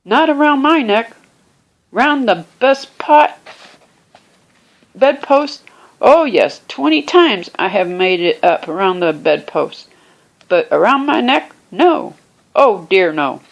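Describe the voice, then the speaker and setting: A pompous Edwardian father in a full temper, as a woman reading a storybook puts him on. He rants with a raised, strained pitch and heavy sarcasm. The voice stays gravelly underneath. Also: lively intonation, slow pace, long pauses, full character voice, rough recording. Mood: blustering.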